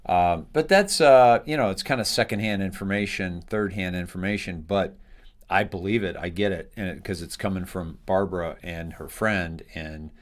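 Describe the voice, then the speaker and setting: A man hosting a live show, talking in a rambling, halting way with lots of fillers. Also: sits low. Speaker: host.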